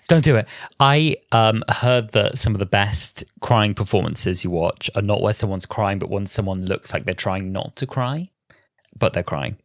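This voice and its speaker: A man's voice: fairly low pitch, lively intonation, normal speed, creaky, no echo, clean studio sound. A man in his twenties co-hosting a podcast, casual and curious, asking questions. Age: 20s. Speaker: podcast co-host. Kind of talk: casual chat.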